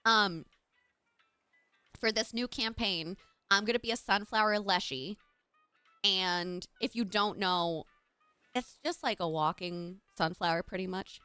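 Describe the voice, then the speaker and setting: A woman's voice: medium pitch, a little slow, pauses often, bright, forceful tone, clear, resonant tone, no echo, faint music behind. A young adult woman streaming live, chatting casually and gushing thanks to her chat in a bubbly way.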